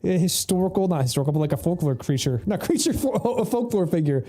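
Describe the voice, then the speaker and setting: Casting: a mellow-voiced, slightly high man as a chatty, foul-mouthed game streamer. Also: animated, fast talker. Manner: rambling, laughs often, swears freely. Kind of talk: casual gameplay commentary.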